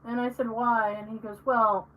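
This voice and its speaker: A woman co-hosting a podcast in casual chat, telling animated stories, acting out the people she quotes and swearing freely. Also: fairly high pitch, moderate pace, distant mic, low-quality recording. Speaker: podcast co-host.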